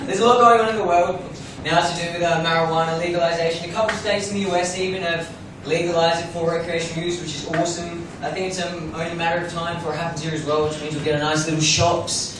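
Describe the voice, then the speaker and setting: A man's voice: fairly high pitch, flat delivery, fast talker, hardly any pauses. A young man doing open mic stand-up comedy in a club, rambling and self-deprecating, swearing freely. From Australia. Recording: roomy distant club recording, noisy.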